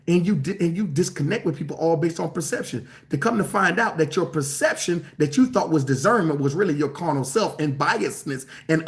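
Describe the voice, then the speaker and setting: A male preacher with a fairly high voice for a man, speaking in an emphatic and colloquial way. He repeats phrases to drive them home and stretches some words out slowly. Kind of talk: sermon.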